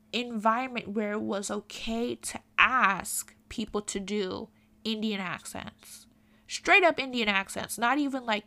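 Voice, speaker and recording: A woman's voice: a little high, vocal fry, a bit bright. A woman vlogger giving candid, emphatic commentary to camera, with frequent ums and restarts.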